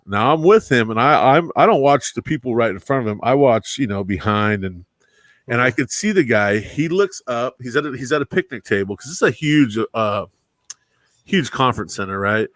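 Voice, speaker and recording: A man's voice: fairly low pitch, fairly bright tone, no echo. A man casually telling stories about his old security work, acting out the people he quotes and dropping "bro" and "dude". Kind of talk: casual storytelling chat.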